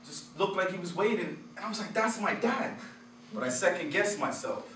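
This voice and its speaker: A man's voice: high-pitched, expressive, fast talker, a bit bright. A man giving a motivational talk, telling candid personal stories and chuckling at his own stories. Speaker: motivational speaker. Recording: roomy echo, distant from the mic, faint noise.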